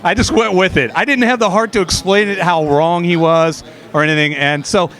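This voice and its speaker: A man's voice: high-pitched, steady tone, a little fast, fairly bright tone. A middle-aged man in a casual interview, telling stories with many fillers and restarts, recorded outdoors at an expo. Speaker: guest, former steeplechaser.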